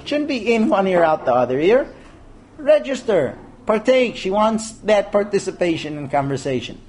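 Animated rabbi teaching a class. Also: male voice, high-pitched. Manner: animated, acts out quoted voices and asks rhetorical questions. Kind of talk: lecture to a class of men.

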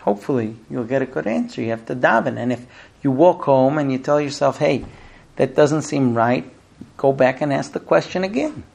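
A man teaches a Talmud class in an animated way, playing out exchanges between people to make his points. His pitch is lively and swings widely, rising high when he gets worked up and dropping low and quiet as he sums up. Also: fairly quick, gravelly. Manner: animated, acts out dialogues.

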